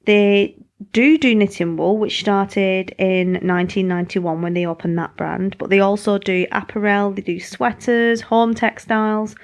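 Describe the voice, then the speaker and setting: Chatty woman with a gravelly edge. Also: medium pitch, steady tone, measured pace. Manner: chatty, rambling, self-deprecating. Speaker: podcast host. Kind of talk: casual podcast monologue.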